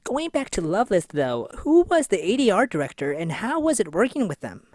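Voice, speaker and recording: Lively interviewer with dry sound. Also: mid-range voice, fairly quick, dry recording. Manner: casual, laughs along. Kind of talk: interview questions.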